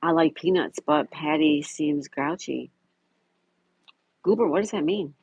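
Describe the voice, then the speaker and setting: A man's voice: a little high, a little slow, vocal fry, slightly rough, no room sound, poor audio. A man hosting a casual livestream, reading viewer comments aloud and greeting chatters by name. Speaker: livestream host. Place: home in Florida.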